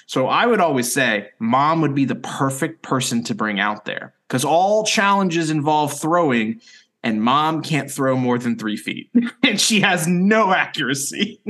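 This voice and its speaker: A man's voice: fairly high pitch, a little slow. Joking young man on a podcast. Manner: joking, deadpan jabs, laughs often. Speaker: podcast co-host. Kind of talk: casual chat.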